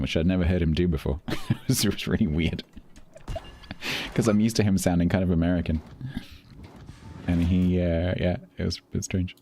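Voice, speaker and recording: A man's voice: deep voice, a little mellow, slight background noise. A man streaming a game, chatting casually and musing aloud as he answers viewers' questions. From England.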